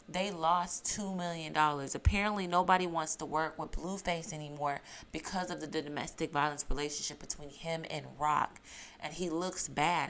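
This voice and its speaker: A woman's voice: low-pitched, fairly bright tone. A woman giving emphatic reality TV recap commentary, repeating her points and asking her viewers questions. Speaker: YouTube commentator.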